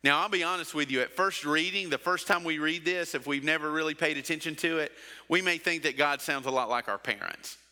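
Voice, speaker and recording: Bright-voiced male pastor preaching in a hall. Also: a little high, brisk. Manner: preaching with rhetorical questions and acted-out quotes. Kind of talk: sermon.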